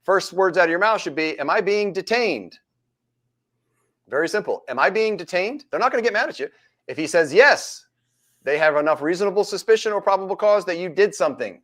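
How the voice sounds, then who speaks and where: A man hosting a live-stream chat, a former police officer who lively acts out street encounters in different voices. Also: fairly high pitch, quick pace.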